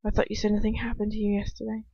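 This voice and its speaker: A woman's voice: mid-range voice, monotone, very fast, dark tone, breathy edge, no room sound. A woman voicing a cold, sneering aristocratic man who drawls with contempt, in a dry, dull lo-fi home recording. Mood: contemptuous.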